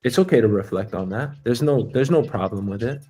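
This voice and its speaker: A man's voice: mid-range voice, fairly quick, mellow, husky, faint music behind. A man hosting his own show, talking through a casual, reflective monologue with lots of fillers and some swearing. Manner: reflective, profane, rambling with many fillers. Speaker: show host.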